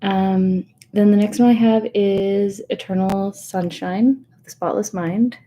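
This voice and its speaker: A woman in her thirties rambles softly through a livestream chat, full of fillers and little asides. Her voice is warm and mellow, with a touch of nervousness, recorded at home on a webcam. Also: mid-range voice, fairly even intonation, measured pace, a little hiss or hum. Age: 30s. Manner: rambling, chatty, self-interrupting with fillers. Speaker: ASMR host. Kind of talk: soft-spoken livestream chat. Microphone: webcam setup.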